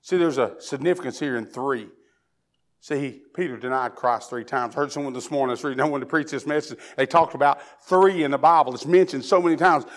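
A Southern-accented man from Tennessee delivers a sermon, moving from hushed prayer to loud, fervent preaching. His voice is mid-range and his delivery brisk.

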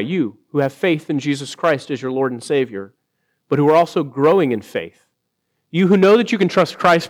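Brief: male pastor, sermon delivery, slightly raised pitch, earnest and deliberate. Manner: earnest preaching, slowing for emphasis and rising when quoting.

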